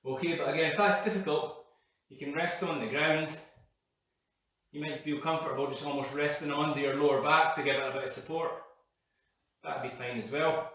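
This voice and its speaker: A man's voice: a little high, fairly even intonation, fairly quick, fairly bright tone. A man leading a live workout while exercising, out of breath and breathing hard as he talks. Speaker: fitness coach. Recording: echoey room, mic far off.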